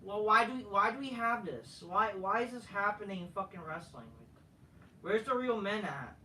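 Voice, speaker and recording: A man's voice: high-pitched, expressive, moderate pace, pushed and bright, slight background noise. A man ranting as he reviews a wrestling show, profane and rambling with many fillers. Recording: echoey room, distant mic.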